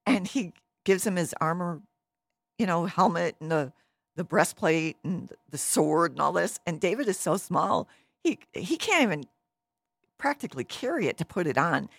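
Lively woman telling a Bible story. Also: on the low side, unhurried, dry recording. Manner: lively, with many fillers and restarts.

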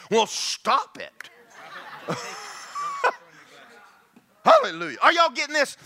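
Animated preacher man, bright voice. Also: sits high. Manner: animated, shouting and laughing, mocking voices. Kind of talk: sermon.

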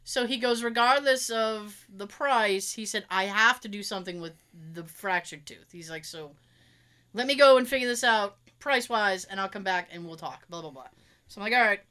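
A woman's voice: mid-range voice, normal speed. A woman chatting casually, telling a story with lots of swearing and acting out what others said. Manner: animated, swears freely, acts out others' lines.

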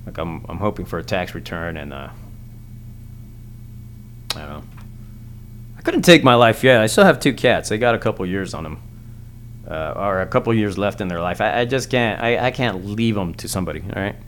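A man's voice: on the low side, animated, moderate pace, long pauses, fairly bright tone, slight background noise. Male solo podcast host; crude, rambling comic rant with lots of stammering restarts.

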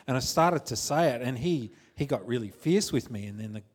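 Husky man telling a story. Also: mid-range voice, expressive. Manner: rambling, halting storytelling with restarts. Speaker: congregation member. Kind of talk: personal testimony.

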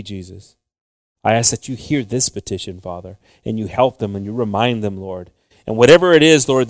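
Leading a bilingual sermon and prayer, a man with a mid-range voice calls on the Lord and Jesus repeatedly in a pleading way, switching between Spanish and English. The recording is dry with clean studio sound.

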